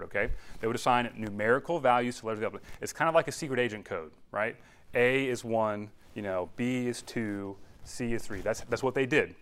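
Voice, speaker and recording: A man preaching a sermon in a conversational, animated way, with asides and questions to his listeners. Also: medium pitch. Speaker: pastor.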